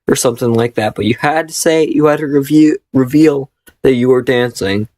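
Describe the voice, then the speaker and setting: A man's voice: mid-range voice, brisk, a little mellow, dry recording. A man reading a fan fiction aloud and mocking it with sarcastic, profane, exasperated asides. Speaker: reader and commentator.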